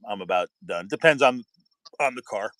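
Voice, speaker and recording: A man's voice: on the low side, animated, normal speed, sharp tone, no room sound, low-quality recording. A man who works as a building inspector, chatting casually and rambling through road stories. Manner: rambling storyteller, retells anecdotes with quoted voices. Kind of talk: casual chat.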